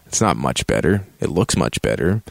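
A man with a very deep, gravelly voice rambles through a profane, joking game review. He speaks close to the mic in a dry, dead room. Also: sing-song, normal speed, dry recording. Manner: profane, joking, acts out reactions in a high yelp. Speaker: game reviewer, show host.

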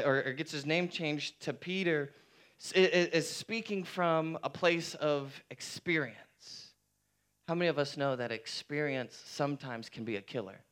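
A man's voice: a little high, fairly bright tone. A man preaching a sermon to his church in a conversational way, often repeating phrases for emphasis. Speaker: pastor.

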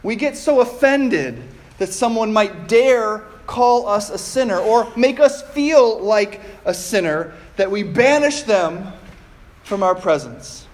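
Here a man serves as pastor, giving a sermon that is slow and considered, peppered with rhetorical questions for those listening. His voice is high, with lively intonation.

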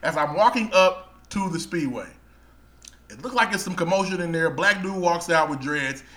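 A man's voice: high-pitched, animated, moderate pace, bright, forceful tone. A young man co-hosting a casual podcast, telling a long story with laughs, profane slang. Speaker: podcast co-host.

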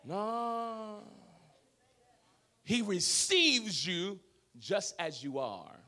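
A man preaching a sermon as pastor of a church, swinging from shouted lines to low, quiet talk. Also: sing-song, moderate pace. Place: church sanctuary.

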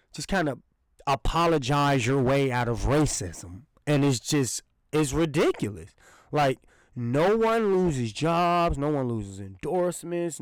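Young male podcast host, profane and sarcastic rant, very lively swings in pitch, dry close sound. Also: smooth, no room sound, low-quality recording. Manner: indignant, sarcastic, profane, laughs while ranting. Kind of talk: ranting solo podcast commentary.

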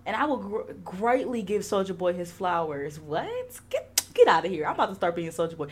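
A woman's voice: lowish voice, fairly quick, breathy edge. A young woman hosting a podcast, chatting casually with lots of laughter and swearing. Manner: animated, laughing, profane. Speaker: podcast host.

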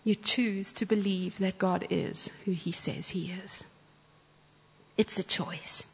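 Woman guest preacher, animated storyteller, husky and echoing in a church. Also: mid-range voice, slow pace. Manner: animated storyteller, acts out quotes. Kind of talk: sermon with storytelling. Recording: church hall with long reverb.

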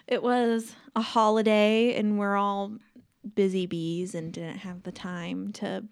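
A woman co-hosting a casual podcast chat, playful and quick to laugh. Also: mid-range voice, level tone, smooth. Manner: giggly, playful, laughs often. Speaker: podcast co-host.

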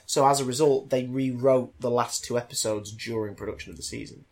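A man's voice: medium pitch, a little fast, gravelly. Chatty man rambling animatedly. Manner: animated, rambling, many fillers. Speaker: podcast co-host. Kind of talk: casual chat.

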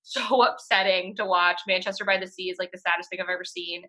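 A young woman from the Boston area co-hosts a casual podcast. Her voice is bright and crisp, her takes are opinionated, and she laughs often between points. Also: on the low side, steady tone, fast, poor audio. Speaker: podcast co-host.

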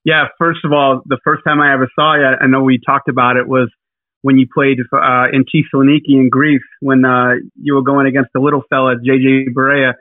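A man's voice: medium pitch, level tone, brisk, no echo. Rambling man over a tinny phone line. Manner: rambling, hesitant, many fillers. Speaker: podcast co-host. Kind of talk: casual podcast chat.

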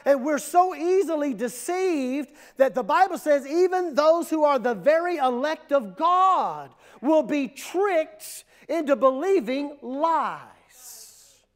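Male pastor, very high voice, emphatic repetitive sermon delivery. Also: expressive, slow. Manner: emphatic, repetitive preaching with dramatic drops and surges.

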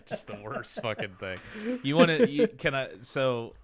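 A man's voice: mid-range voice, huge pitch swings, unhurried, no echo. A man co-hosting a casual podcast chat, joking and swearing, slipping into silly put-on accents. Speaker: podcast co-host.

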